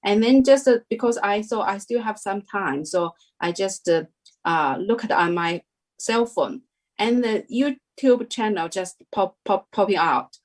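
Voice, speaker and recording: A young woman speaking at a slow, unhurried pace as she recounts an experience. Her English is careful and non-native, and she pauses often with fillers. Her voice sits at an ordinary middle pitch. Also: animated. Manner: hesitant, many pauses and fillers. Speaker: guest sharing a testimony. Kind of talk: casual spoken testimony.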